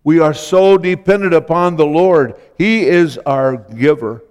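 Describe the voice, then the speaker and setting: A man preaching a sermon as pastor, slow and deliberate, repeating key phrases for emphasis. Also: on the high side, darkish tone, smooth, in a large hall.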